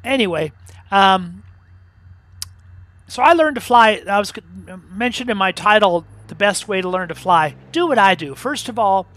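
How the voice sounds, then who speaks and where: A man's voice: sits high, lively intonation, moderate pace, a bit bright, dry recording. A man hosting a flight sim video, talking casually and instructively, rambling a bit with fillers and restarts as he goes through pre-flight checks. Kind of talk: casual talk while flying a simulator.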